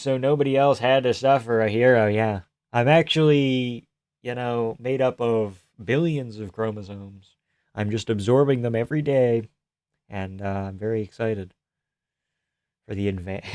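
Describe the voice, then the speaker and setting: A young man hosts a live stream from home, rambling and joking as he reads out viewer chat. His voice sits at an ordinary middle pitch, and the sound is close and dry with no room behind it. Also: darkish tone, no echo. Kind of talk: casual live-stream commentary.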